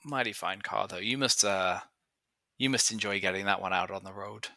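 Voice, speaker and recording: A man voicing an easygoing male traveler, chatting in a relaxed way. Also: fairly low pitch, normal speed, creaky, no echo, clean studio sound, exaggerated voice.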